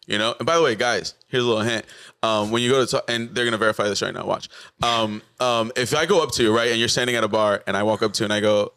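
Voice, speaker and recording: A man from South Florida, a comedian guest on a podcast, telling stories in an animated way and acting out bits of dialogue. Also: mid-range voice, fast talker, clean tone. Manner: animated storyteller, acts out dialogue. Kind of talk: casual podcast chat.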